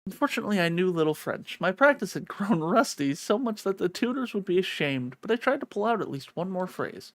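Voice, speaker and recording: A woman reading a visual novel aloud, an expressive reader who breaks off to swear and joke, on a close mic. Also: on the low side, fairly quick, few pauses, no room sound. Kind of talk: reading a game's narration aloud with live reactions.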